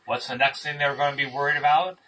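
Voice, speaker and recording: Bright, husky man leading a Bible study. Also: a little high, flat delivery, quick pace, recorded from a distance, low-quality recording. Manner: asks the group questions, praises answers. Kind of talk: interactive Bible study teaching.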